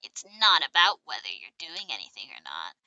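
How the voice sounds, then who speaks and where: A woman voicing a caring older sibling bird who speaks in a gentle, reassuring way. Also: extremely low pitch, huge pitch swings, brisk, no room sound, lo-fi sound, pitched below the performer's own voice, exaggerated voice.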